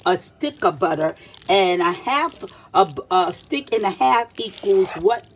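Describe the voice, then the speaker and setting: A woman's voice: mid-range voice, expressive, measured pace, a little hiss or hum. Chatty woman demonstrating in a kitchen. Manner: chatty and repetitive, checks in with "see?" and "all right?"; teacherly, speaks directly to children and teenagers. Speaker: home cook. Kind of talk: casual cooking demonstration. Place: home kitchen.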